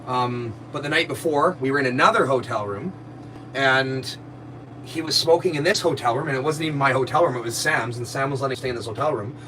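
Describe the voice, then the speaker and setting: A man's voice: medium pitch, fairly quick, bright, forceful tone, slight background noise, poor audio. A man, a live streamer, telling his viewers a story in a rambling, profane and aggrieved way.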